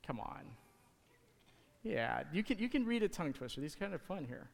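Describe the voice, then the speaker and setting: Male pastor, slightly high voice, casual and halting, church hall reverb. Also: big pitch swings, gravelly. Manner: casual, halting, friendly with kids. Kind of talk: children's object lesson in church. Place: church sanctuary. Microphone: handheld or stage mic.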